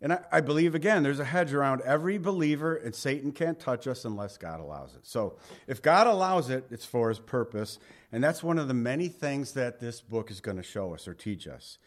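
A man's voice: mid-range voice, animated, brisk. A man preaching a sermon in a conversational way, reading scripture aloud and slipping in folksy asides and jokes. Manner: reads scripture aloud in King James wording. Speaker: pastor.

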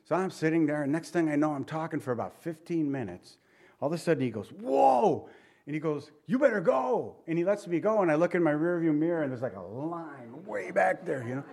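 A middle-aged American man preaching a sermon in a fairly high voice. He talks to his congregation conversationally, asking rhetorical questions and letting his voice fall soft for emphasis. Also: quick pace. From United States. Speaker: pastor.

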